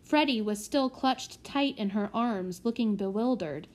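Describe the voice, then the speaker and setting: A woman narrating a children's audiobook in a measured way. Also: a little high, a little mellow. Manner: measured, with small slips corrected.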